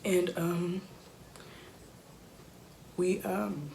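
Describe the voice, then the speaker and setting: A young woman telling an emotional personal story in a halting, soft-spoken way with many fillers. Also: lowish voice, creaky, slight background noise. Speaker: YouTuber.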